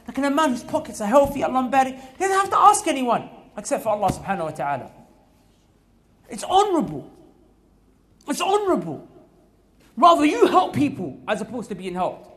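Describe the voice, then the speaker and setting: A man giving a talk in a mosque, with a high voice for a man. He repeats his points and pushes them home with rising force. His delivery swings between quiet asides and loud appeals. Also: very animated, brisk. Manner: emphatic, repetitive, rising to loud exhortation. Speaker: preacher. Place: mosque hall.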